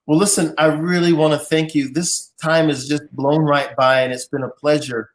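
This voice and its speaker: A man's voice: fairly high pitch, flat delivery, normal speed. A man hosting a live interview show, jovial and teasing with his guest. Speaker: host.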